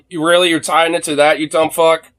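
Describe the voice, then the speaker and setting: A man's voice: on the high side, a bit bright, no echo. A man streaming live, reacting to clips with casual, profane, mocking commentary and frequent laughter.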